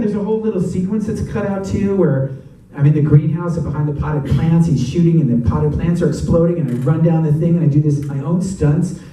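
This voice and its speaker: A man answering audience questions after a screening, telling stories in a chatty, animated way and laughing often. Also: a little high. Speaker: actor and guest of a Q&A. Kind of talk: audience Q&A storytelling. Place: cinema auditorium. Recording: echoey cinema from far off.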